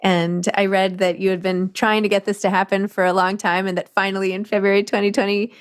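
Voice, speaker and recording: A woman hosting an interview in a casual chat, effusive and quick to laugh. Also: medium pitch, level tone, clean tone. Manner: effusive, gushing, laughs often. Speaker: host interviewer.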